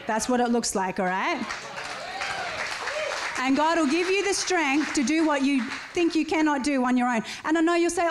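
A woman's voice: high-pitched, moderate pace, some chatter behind, a little hiss or hum. A woman from Australia, telling stories in casual chat and often laughing as she talks. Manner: animated storyteller, laughs often, acts out voices.

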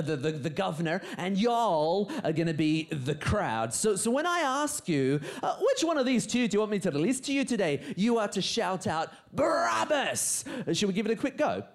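A preacher's humorous, animated sermon plays to a live church crowd, delivered in a mid-range voice that sinks to near quiet whenever emphasis is needed.

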